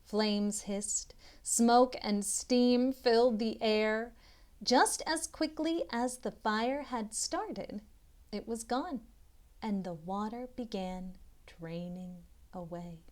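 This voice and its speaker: A woman, a literacy tutor, reading a children's picture book aloud with expressive storybook delivery and chatty asides to young listeners. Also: on the high side, takes it slowly.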